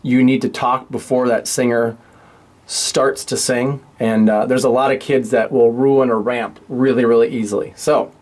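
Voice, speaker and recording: A man's voice: mid-range voice, moderate pace. Laid-back man walking through a radio lesson. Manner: relaxed, offhand, thinks aloud with restarts. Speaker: radio teacher. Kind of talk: casual screen-share tutorial.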